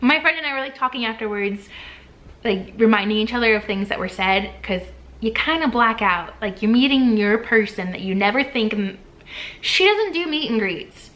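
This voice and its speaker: A young woman tells her story straight into the camera in a bright, clear, somewhat high voice. She gushes as she talks, rushing through lots of fillers and restarts. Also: animated. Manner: gushing, breathless, many fillers and restarts. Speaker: vlogger.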